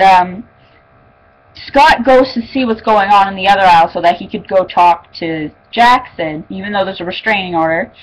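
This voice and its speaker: A young woman casually recapping a TV episode, chatty and excitable, full of fillers and exclamations. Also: mid-range voice, rough recording. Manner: chatty and excitable, lots of "like" and "oh my god". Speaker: fan reviewing an episode.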